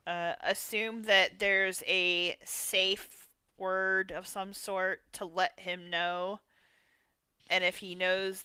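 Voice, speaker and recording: Bright, clear woman player. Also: fairly low pitch. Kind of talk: tabletop role-play.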